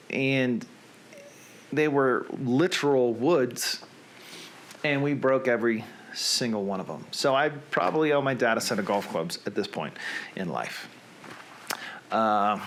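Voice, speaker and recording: A man's voice: medium pitch, a bit bright. Man, 40s, live-stream host, rambling, chuckling, casual chat. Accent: Southern US, put on for the readings.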